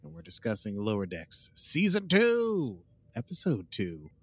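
A man's voice: fairly low pitch, wildly swooping pitch, measured pace, slightly rough, no room sound. A man co-hosting a podcast, joking dryly in casual chat and recapping an episode's plot. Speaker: podcast co-host.

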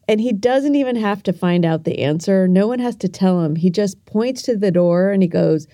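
A middle-aged woman tells a story and teaches kids on her podcast in an earnest, gentle way. Her voice is very dark and mellow, with a middle pitch. The recording is dry and close, with no room sound. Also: moderate pace, hardly any pauses, no echo. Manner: earnest, gentle, talks straight to the listener. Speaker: podcast host.

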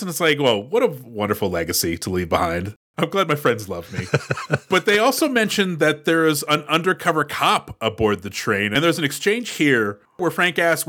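A man co-hosting a casual movie podcast, recapping the plot in an animated way with acted quotes. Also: mid-range voice, normal speed. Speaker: podcast co-host.

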